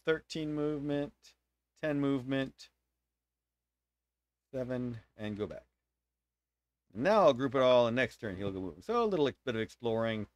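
Lively man narrating his strategy game. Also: mid-range voice, no room sound. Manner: adds playful sound effects to attacks; thinks aloud while explaining strategy. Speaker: game streamer. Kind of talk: casual gameplay commentary.

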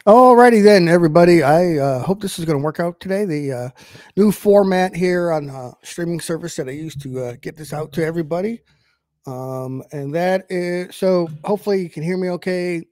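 A man's voice: on the high side, brisk, a little mellow, dry recording, clean studio sound. A man teaching from the Bible as a preacher on a livestream, talking casually with many fillers and restarts. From United States.

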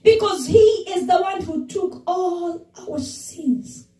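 Woman pastor, very high voice, unhurried emphatic preaching; echoey room, mic at a distance, faint music. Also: warm tone. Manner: slow, emphatic preaching with repeated phrases. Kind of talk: sermon.

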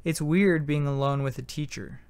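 A man's voice: on the high side, moderate pace, darkish tone, smooth, no echo. A man reading a novel aloud in first person, narrating an amateur audiobook in a plain, matter-of-fact way.

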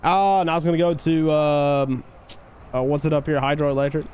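A man live-streaming a game, chatting casually with his viewers and hyping up shout-outs to chat. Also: flat delivery, normal speed, a little hiss or hum. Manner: hyped shout-outs to chat, voice jumping high on greetings; laid-back, easygoing talk between shout-outs.

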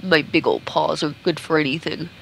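A woman's voice: sits low, steady tone, brisk, creaky, fairly bright tone, slight background noise, poor audio. A woman voicing a clumsy, self-doubting old bear in a storybook read during a game, gloomy in tone.

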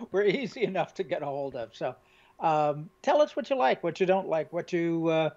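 A man's voice: a little high, animated, moderate pace, a little mellow. A man co-hosting a casual chat in an easygoing, agreeable way. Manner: easygoing, laughs along. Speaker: co-host. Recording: dull lo-fi sound.

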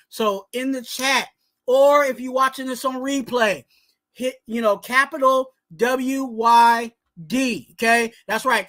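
A high-voiced man hosts a casual live sports stream and rants straight at the coach. His tone is bright and forceful, animated, and he keeps coming back to his catchphrase. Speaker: host of a fan sports talk show.

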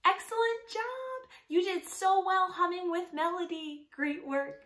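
A young woman teaching music to preschoolers at home, speaking slowly and with exaggerated expression, asking children questions and answering for them. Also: very high voice, steady tone, fairly bright tone, echoey room. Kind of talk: sing-song lesson for small children. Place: home room.

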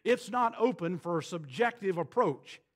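A man preaching a sermon as pastor, emphatic, pausing for effect and quoting scripture. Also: sits high, lively intonation. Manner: emphatic, preaching with dramatic pauses and quoted scripture.

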